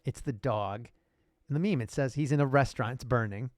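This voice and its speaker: A man co-hosting a casual podcast, talking in an animated way, swearing freely and laughing often. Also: mid-range voice, a little fast, no room sound, studio quality. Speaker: podcast co-host.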